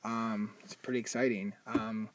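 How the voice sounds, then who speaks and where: A man's voice: lowish voice, level tone, normal speed, no room sound. A man co-hosting a casual podcast from inside a car, rambling and correcting himself as he goes, with a slight stutter now and then. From Midwest US. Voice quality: stutters at times. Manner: rambling, self-correcting, joking. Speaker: podcast co-host. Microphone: phone recording.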